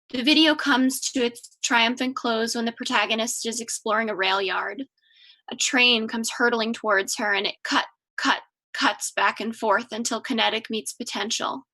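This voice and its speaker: Bright-voiced Long Island woman reading. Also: on the high side. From Long Island, New York. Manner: measured, lyrical delivery. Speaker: graduate writing student. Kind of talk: reading her own prose aloud.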